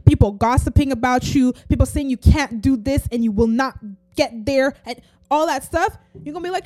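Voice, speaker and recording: A woman's voice: sits high, brisk, mellow, no echo. A woman hosting a podcast, giving an earnest, preachy motivational faith talk and acting out quoted voices. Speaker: podcast host.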